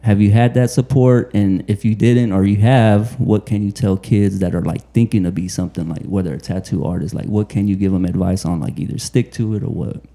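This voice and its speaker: A man co-hosts a casual podcast and talks in a low, very dark and mellow voice. His questions ramble along, padded with "like" and "you know.". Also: steady tone, a little fast, hardly any pauses.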